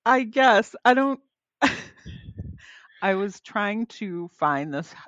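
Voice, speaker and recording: A woman's voice: medium pitch, expressive, extremely slow, fairly bright tone, no room sound. Reflective woman co-host, dull lo-fi sound. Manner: reflective, thinking aloud. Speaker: podcast co-host. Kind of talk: casual chat.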